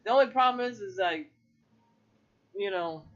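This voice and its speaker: A woman's voice: medium pitch, lively intonation, moderate pace, muffled recording. A woman talking casually to camera in a rambling vlog, swearing freely and laughing often. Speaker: vlogger.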